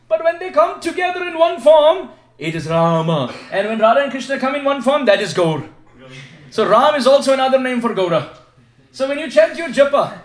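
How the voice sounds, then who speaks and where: Male spiritual teacher, high voice, call-and-response sermon style, echoey home recording. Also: sing-song, brisk. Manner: asks the audience questions and leads them in repeating chants. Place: devotee's home, gathering room. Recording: echoey room sound.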